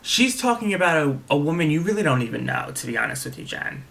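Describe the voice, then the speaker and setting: A man's voice: on the high side, very animated, quick pace, gravelly, a bit bright. A man casually recapping a reality TV episode, candid and opinionated, swearing freely and repeating himself for emphasis.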